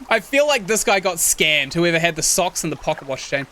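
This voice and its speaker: A man's voice: sits high, very animated, moderate pace, fairly bright tone, a little hiss or hum. A young man chatting casually while streaming a video game and reading its text aloud. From New Zealand. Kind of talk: casual gameplay commentary.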